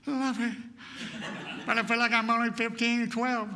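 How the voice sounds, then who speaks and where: A man's voice: very high voice, normal speed, background noise. A man in his sixties preaching a sermon as a humorous personal story, acting out the people he quotes. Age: 60s. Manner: lively storyteller who acts out the people he quotes. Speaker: guest speaker.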